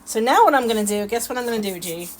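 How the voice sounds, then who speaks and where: Chatty mom in a noisy kitchen. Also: female voice, a little high, lively intonation, rapid-fire. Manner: chatty and folksy, laughing often. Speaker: cooking vlog host. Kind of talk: casual cooking demonstration. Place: home kitchen. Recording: loud background noise.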